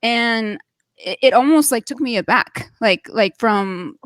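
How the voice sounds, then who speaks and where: A woman's voice: on the high side, unhurried, no echo. Chatty woman host, dry sound. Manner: rambling, warm-hearted, many fillers and restarts. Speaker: podcast host. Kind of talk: casual chat. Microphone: video call.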